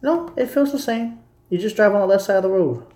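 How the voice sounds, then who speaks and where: A man's voice: high-pitched, lively intonation, brisk, dark tone. Rambling man, echoey room. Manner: rambling, repetitive, talking to viewers. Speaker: streamer. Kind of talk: casual live commentary.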